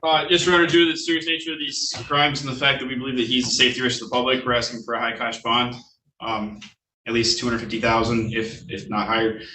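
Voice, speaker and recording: A man police officer addressing the judge over a video call, quick and matter-of-fact. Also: medium pitch, little pitch movement, sharp tone, slight background noise. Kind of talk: formal testimony on video call. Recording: echoey room, distant from the mic.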